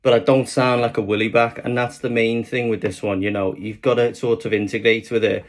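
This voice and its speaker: A man's voice: medium pitch, level tone, fairly quick, lightly acted. A man putting on a Liverpool accent to play a chatty Scouse lad who rambles with many fillers. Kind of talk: accent demonstration, improvised chat.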